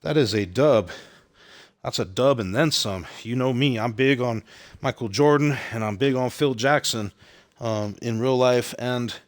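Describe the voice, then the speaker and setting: A man's voice: medium pitch, measured pace. A man streaming a video game late at night, chatting casually and rambling, slightly out of breath with audible heavy breathing. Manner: chatty, rambling, repeats phrases. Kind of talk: casual live-stream chat.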